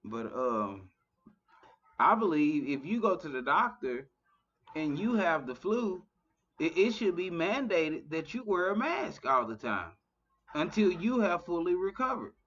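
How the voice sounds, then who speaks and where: A man's voice: on the high side, big pitch swings, unhurried, a bit bright. A man in his thirties in casual conversation as a podcast host, talking loosely with many filler phrases. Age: 30s. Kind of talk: casual chat. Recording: dull lo-fi audio.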